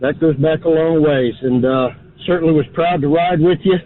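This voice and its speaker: A man calling in to a radio show, out of breath, friendly and sentimental, talking in halting bursts. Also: on the high side, no room sound. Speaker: radio caller. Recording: tinny phone line with faint noise.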